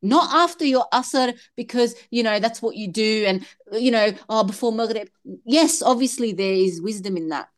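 Earnest, animated woman sharing her story. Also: fairly high pitch, moderate pace, hardly any pauses. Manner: earnest, animated, switches into quoted voices. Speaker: guest. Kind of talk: emotional faith and fertility talk.

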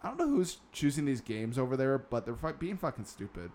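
A man's voice: mid-range voice, sing-song, fairly quick, darkish tone. Sarcastic man chatting gaming news. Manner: sarcastic, swears casually. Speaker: podcast host. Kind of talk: casual gaming news chat.

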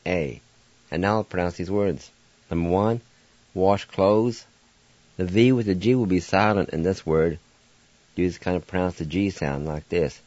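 A man's voice: low voice, darkish tone, no room sound. A man hosting a radio language lesson, patiently spelling words letter by letter and pronouncing them. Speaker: radio host teaching language. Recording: dull dry studio sound.

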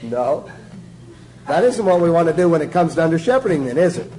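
A high-voiced man giving a homely, joking sermon. He keeps putting questions to his congregation. A faint hiss sits under the recording. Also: sing-song, fairly quick, mellow, low-quality recording. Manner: folksy, jokey, asks the audience questions. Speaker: preacher. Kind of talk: informal sermon teaching.

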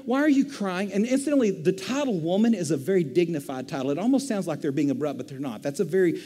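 A middle-aged man, a pastor, preaching a sermon in a conversational, animated storytelling manner. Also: high voice, long reverb tail.

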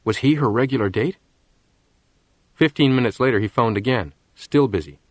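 A man reading a story aloud in scripted narration, with a measured storytelling manner. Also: mid-range voice, dry recording. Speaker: audiobook narrator.

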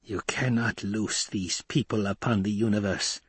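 A man voicing an old female truth-sayer who murmurs grim warnings in a hushed, breathy tone. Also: lowish voice, fairly even intonation, a little slow, no room sound. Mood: foreboding.

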